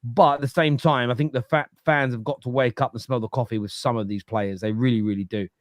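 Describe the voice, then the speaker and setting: A man's voice: mid-range voice, steady tone, brisk, no room sound, clean studio sound. Opinionated man in a football fan debate. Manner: opinionated, reads out viewer comments and rebuts them. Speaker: football podcast panelist, fan of his club. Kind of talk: casual fan podcast debate.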